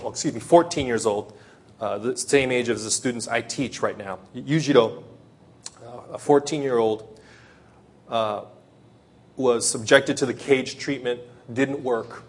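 A man preaching a sermon in a church in Japan, retelling stories with frequent restarts and self-corrections. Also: mid-range voice. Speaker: pastor.

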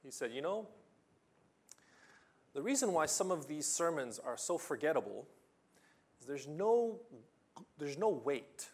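Slow, impassioned preacher man. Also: fairly high pitch, slightly rough. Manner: impassioned, rising to loud emphatic reading of scripture; restarts and stumbles when excited. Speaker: pastor. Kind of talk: sermon.

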